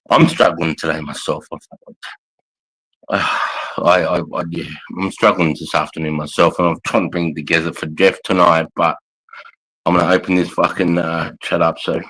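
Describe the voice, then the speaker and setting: A laid-back Australian man with a lowish voice hosts a casual livestream from his couch. He talks in a loose, sweary way, calling everyone mate. He sounds middle-aged. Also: fairly bright tone, low-quality recording. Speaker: livestream host. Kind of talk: casual live chat. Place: at home on a couch.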